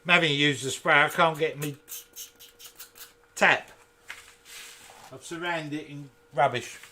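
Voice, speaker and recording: A man with a bright, forceful, fairly high voice talks his way through a live woodturning demonstration in his home workshop. He keeps up a chatty patter full of jokey asides to the viewers. A little workshop ambience sits faintly behind him. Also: fairly even intonation, measured pace, a little hiss or hum. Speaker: woodturner and channel host.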